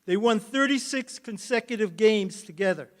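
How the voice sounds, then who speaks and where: At a hall of fame induction ceremony, an older former coach gives a halting, emotional speech. His voice sits high, with lively intonation.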